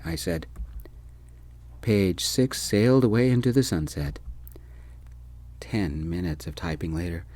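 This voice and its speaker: Deep-voiced soft-spoken storytelling man. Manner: gentle, first-person narration.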